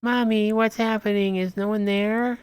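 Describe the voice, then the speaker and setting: A man voicing a frightened four-year-old boy in a high childlike voice. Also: flat delivery, normal speed, clean tone, no room sound, lightly acted, poor audio. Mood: scared. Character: small frightened hungry boy.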